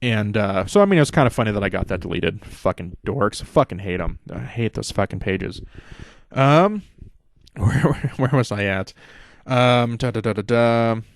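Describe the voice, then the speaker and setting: A man's voice: lively intonation, moderate pace, gravelly, dry recording, clean studio sound. A young man hosting a podcast, recapping wrestling in a loose, rambling way with lots of swearing and fillers. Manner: rambling, profane, acts out quotes in a higher voice. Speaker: podcast host.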